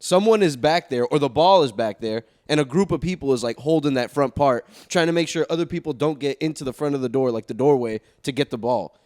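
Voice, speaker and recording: A man's voice: medium pitch, brisk, few pauses, darkish tone. A young man co-hosting a podcast, joking and laughing in casual chat. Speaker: podcast co-host.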